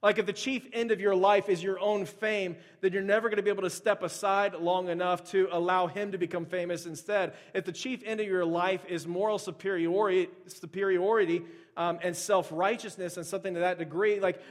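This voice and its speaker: A male pastor from the United States preaching a casual, conversational sermon, telling stories with lots of fillers and restarts. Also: sits high. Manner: storytelling, many fillers and restarts.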